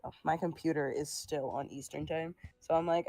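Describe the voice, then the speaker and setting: A woman's voice: low-pitched, steady tone, moderate pace, a little mellow, dry recording, soft background music. A young woman chatting casually while drawing on a stream, laughing and swearing now and then. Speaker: streamer making art.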